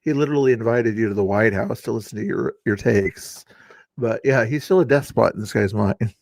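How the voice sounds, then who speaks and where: A man's voice: fairly low pitch, brisk, creaky, a little mellow, dry recording. Dry-sounding man with sarcastic, chatty commentary. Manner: offhand, chatty, sarcastic asides. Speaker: streamer and channel host. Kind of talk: casual live-stream commentary.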